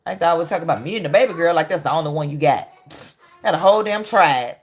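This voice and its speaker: Woman, livestream host, blunt and mocking, low-pitched voice, casual heated commentary. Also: animated, fast talker, slightly rough. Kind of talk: casual live-stream commentary.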